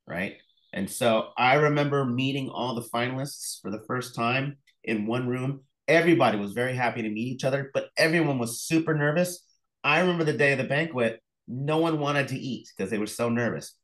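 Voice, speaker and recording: A middle-aged man, an author and illustrator, talking as an interview guest, telling lively stories full of fillers and acted-out phone calls. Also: mid-range voice, a little fast, poor audio. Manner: animated storyteller, acts out phone calls, many fillers. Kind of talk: casual interview conversation.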